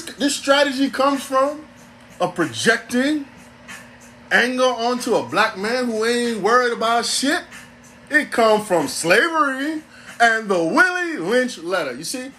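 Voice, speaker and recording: Male podcast host, high lively voice, preachy comedic riff. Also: slight background noise. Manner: animated, repetitive, preachy riffing. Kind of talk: comedic monologue.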